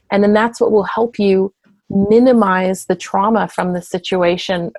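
A woman's voice: mid-range voice, a little mellow, dry recording. Explaining woman therapist, dry close sound. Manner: explanatory, acts out quick voices. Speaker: therapist and parent coach. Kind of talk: conversational interview talk.

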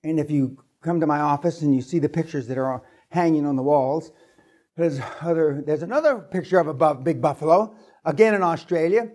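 Man, seminar speaker, higher-pitched voice, profane, acts out sound effects, storytelling to a room. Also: a little fast, darkish tone. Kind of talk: storytelling to a live audience.

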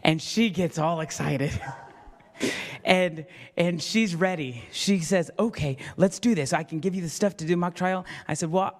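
Self-mocking pastor preaching in a reverberant church. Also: male voice, on the high side, a little slow. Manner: storytelling, self-mocking, acts out voices in quotes. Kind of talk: sermon. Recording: long reverb of a church hall.

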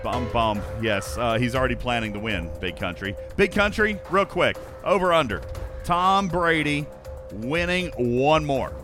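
A man's voice: mid-range voice, lively intonation, unhurried, over music. Congested man reading joke news. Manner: jokey, talks to chat viewers by name. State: congested from allergies. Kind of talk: comedic live-stream chat.

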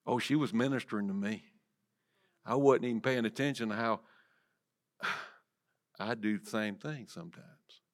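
Man preaching, loud to whispered. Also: lowish voice, a little slow, pauses often. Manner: dynamic preaching, swinging from loud emphasis to soft whispers. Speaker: pastor. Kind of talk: sermon. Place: church sanctuary.

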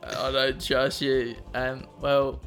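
A man's voice: mid-range voice, little pitch movement, slow pace, a bit bright, soft background music. A young man co-hosting a podcast, taking a quiz in casual banter, joking and swearing freely. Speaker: podcast co-host answering quiz questions.

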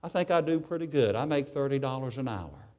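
A man's voice: medium pitch, lively intonation, a little fast, a little mellow, lightly acted. A preacher doing a tired, defensive father.

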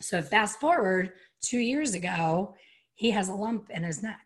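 A middle-aged woman with a mid-range voice, speaking a little slowly, appears as an interview guest. She tells a personal story candidly and with animation, acting out the voices of people she quotes.

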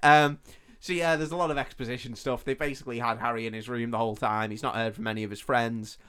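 A man in mid-pitch chatting loosely on a comedy podcast. He swears freely and breaks into laughter often while retelling a plot. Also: steady tone, quick pace, bright, forceful tone, clear, resonant tone. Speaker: podcast co-host. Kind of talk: casual comedy podcast chat.

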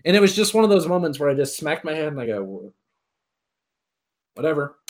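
A man chatting casually, telling animated anecdotes and mimicking the people in them. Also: on the high side, brisk. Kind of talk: casual chat.

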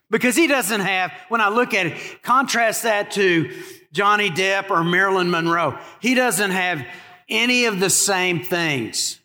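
A male pastor preaching a lively sermon, asking the congregation questions and joking with them. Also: high-pitched. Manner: animated preaching with rhetorical questions and asides to the congregation. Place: church sanctuary. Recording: live in a church with long reverb.

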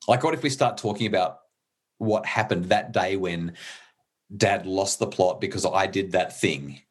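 Earnest husky-voiced middle-aged man. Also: deep voice, normal speed. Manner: earnest, restarts when moved. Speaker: parenting guest. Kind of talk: conversational explaining.

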